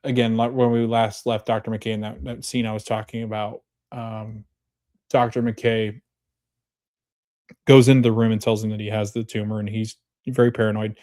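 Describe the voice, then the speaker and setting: A man hosting a podcast, casually recapping a TV episode and retelling scenes as quoted dialogue, his voice jumping up when he gets excited. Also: lowish voice, moderate pace. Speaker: podcast host.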